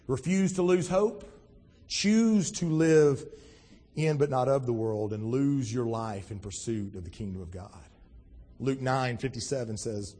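A man preaching a sermon as pastor, animated and acting out Bible scenes in shifting voices. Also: mid-range voice, slight background noise. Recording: long church reverb.

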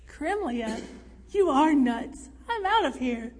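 A woman voicing a blunt, bewildered young American man who talks haltingly. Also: high voice, a little mellow. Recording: reverberant room.

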